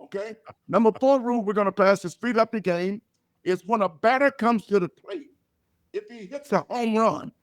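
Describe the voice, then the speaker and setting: An older man, a comedian guest, telling stories and jokes in a loud, punchy way. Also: sits high, moderate pace, no echo, studio quality. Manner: loud punchy joke delivery, animated storytelling. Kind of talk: storytelling comedy chat.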